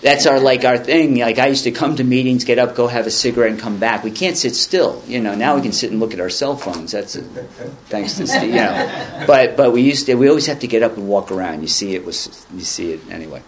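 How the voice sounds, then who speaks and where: Quick and lively in his intonation, a mid-range-voiced man in his fifties reads passages aloud at a recovery meeting and offers commentary on them. He talks casually in a meeting room, rambling and conversational, with a dry, self-deprecating wit.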